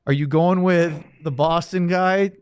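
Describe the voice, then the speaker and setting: A man's voice: on the high side, steady tone, unhurried, a little mellow, clear, resonant tone, no echo. A man hosting a casual podcast chat, running the show and reading listener questions aloud. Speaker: podcast host.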